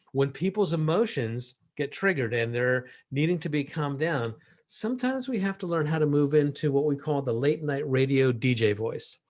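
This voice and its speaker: A man presenting a sales training session, shifting his volume and pace to demonstrate vocal techniques. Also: a little high.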